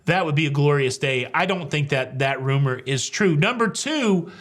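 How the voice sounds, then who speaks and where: A man's voice: fairly high pitch, lively intonation, normal speed, fairly bright tone. A middle-aged man hosting a cruise news show, talking casually with wry, sarcastic jokes and rambling asides. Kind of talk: casual comedic commentary.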